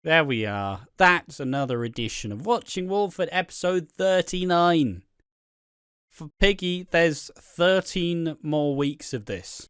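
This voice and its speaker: A man's voice: a little high, expressive, unhurried, fairly bright tone, clear, resonant tone, dry recording. Young man, podcast host, laid-back sweary chat, resonant voice, close dry mic.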